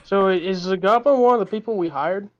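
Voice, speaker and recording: A player in a tabletop game who chimes in with slow, hesitant comments. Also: mid-range voice, dull audio.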